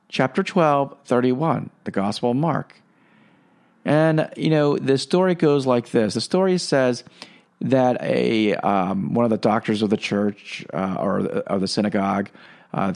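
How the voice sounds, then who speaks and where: A man hosting a Catholic podcast, talking in a rambling, casual way with many fillers and reflecting on faith. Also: darkish tone. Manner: rambling, many fillers, swings pitch up for emphasis. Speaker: podcast host and Catholic teacher. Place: Franciscan lay member.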